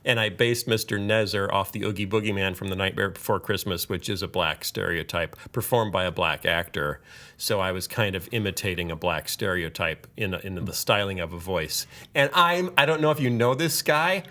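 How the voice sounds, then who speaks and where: Bright-voiced joking man host. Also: low voice, moderate pace. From United States. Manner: joking, self-deprecating. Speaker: podcast host. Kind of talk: casual chat.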